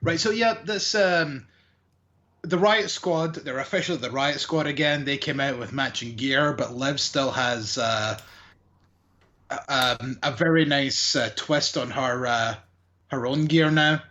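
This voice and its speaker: A man co-hosts a wrestling podcast, recapping matches casually and ramblingly, hesitant and full of fillers. His mid-range voice is unhurried with a sharp tone, and the audio sounds dull.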